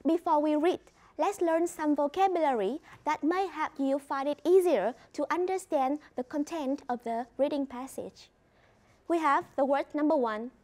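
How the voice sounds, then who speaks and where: A woman with a Vietnamese accent leads an English reading lesson, her voice sitting high. She explains words clearly and instructively, prompting students and checking answers step by step. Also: moderate pace, a little mellow. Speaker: English teacher. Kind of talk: classroom lesson.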